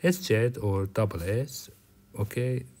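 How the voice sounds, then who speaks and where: A man's voice: fairly low pitch, takes it slowly, darkish tone. A man whose first language is Persian, teaching German vocabulary in English, with many fillers and restarts. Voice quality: drops to a whisper at times. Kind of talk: recorded German lecture.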